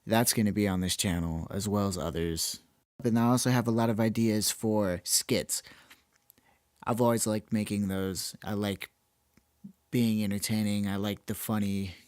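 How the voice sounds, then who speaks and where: A man's voice: lowish voice, steady tone, normal speed, darkish tone, dry recording, clean studio sound. A young man hosting a solo podcast, rambling casually and self-deprecatingly with plenty of swearing. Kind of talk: casual late-night ramble.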